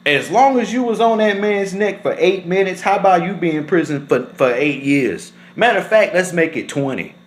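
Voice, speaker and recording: Young guy venting to the camera, upset, keeps saying man, gets loud and high when he's mad. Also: lively intonation. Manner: upset and indignant, repeats "man" often; drawn-out and low when shaken, rises sharply when angry. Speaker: vlogger. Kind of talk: emotional casual commentary to camera.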